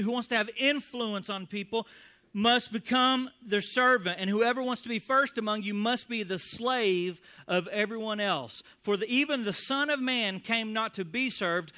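A man's voice: high-pitched, bright, forceful tone. A man, preaching a conversational sermon and acting out the people he quotes. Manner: conversational preaching, acts out quotes, calls for congregation response. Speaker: pastor.

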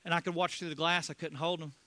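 A man's voice: a little high, little pitch movement, fast talker, sharp tone, no echo. A pastor in his thirties preaching a sermon, impassioned and acting out the voices of the people in the story. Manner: impassioned, acts out quoted voices.

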